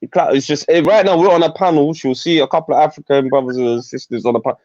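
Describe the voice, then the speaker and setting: A man from Somalia, a panel guest chatting in quick, animated banter. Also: on the high side, no room sound. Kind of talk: casual panel chat. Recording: muffled, lo-fi call audio.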